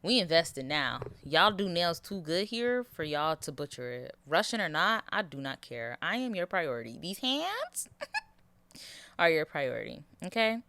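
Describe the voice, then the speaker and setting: A woman's voice: on the low side, big pitch swings, unhurried, bright, forceful tone, no room sound. Tired, chatty young woman podcaster. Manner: chatty, rambling, laughs often. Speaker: podcast host. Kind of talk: casual solo podcast chat. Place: in bed at home. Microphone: handheld mic held close to mouth.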